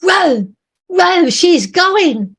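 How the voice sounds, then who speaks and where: A woman voicing a male sailor who shouts urgent orders from a lifeboat in a storybook reading. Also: high-pitched, big pitch swings, slow pace, voice pushed up, heavily acted. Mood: urgent shouting.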